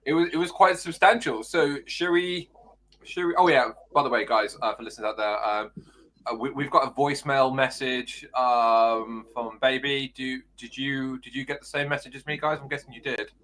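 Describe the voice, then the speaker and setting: A man's voice: mid-range voice, moderate pace, fairly bright tone. A British man hosting a casual podcast over a video call, playful and rambling with flustered asides. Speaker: podcast host. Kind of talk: casual chat.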